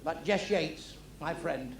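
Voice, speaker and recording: A man's voice: a little high, takes it slowly. A middle-aged man doing blunt, crude stand-up comedy on a club stage. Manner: blunt, crude, deadpan delivery. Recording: echoey club with crowd noise.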